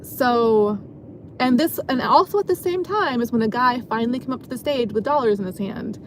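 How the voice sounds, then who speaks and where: A woman's voice: a little high, lively intonation, normal speed, slight background noise. A woman casually telling a long story from her job as a dancer, rambling and filling her sentences with "like". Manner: rambling, filler-heavy, frequent "like".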